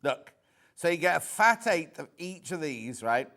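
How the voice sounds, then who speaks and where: A British man hosting live TV sales, talking in a chatty, rambling way that keeps doubling back on itself. His voice sits a little high for a man. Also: big pitch swings, a little slow, a bit bright. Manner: chatty, repeats words, reads out viewer messages. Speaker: shopping channel presenter.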